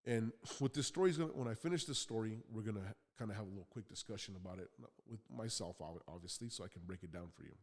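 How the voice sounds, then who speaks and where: A man's voice: fairly low pitch, fast talker, hardly any pauses. A man hosting a motivational podcast. He talks in a blunt, conversational way and swears now and then. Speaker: podcast host.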